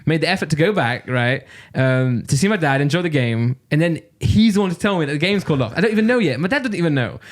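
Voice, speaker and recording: A man's voice: fairly high pitch, animated, fast talker, hardly any pauses. A young man with a Nottingham accent, telling a rambling story on a casual podcast and laughing his way through it. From Nottingham, England. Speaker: podcast co-host.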